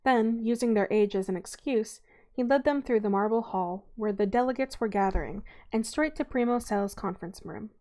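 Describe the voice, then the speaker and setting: A woman's voice: on the high side, normal speed, darkish tone. Young adult woman, reading a novel aloud, informal, frequent self-corrections.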